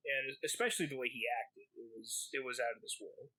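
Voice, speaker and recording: Full of fillers and swearing, this man's story wanders as he co-hosts a podcast. He speaks in a mid-range voice that is brisk, pushed and bright, captured on a low-quality recording.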